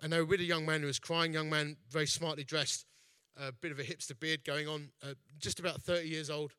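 A man's voice: a little high, flat delivery, brisk, bright, forceful tone, clean tone, dry recording. A man preaching in a chatty, jokey storytelling way. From East London, England. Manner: jokey, chatty, self-mocking. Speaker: evangelist speaker, festival founder. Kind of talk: storytelling sermon.

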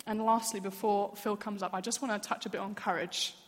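A woman's voice: mid-range voice, fairly even intonation, fairly quick, in a large hall. A woman giving an earnest, personal sermon in a church. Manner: earnest, candid, personal storytelling. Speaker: church speaker.

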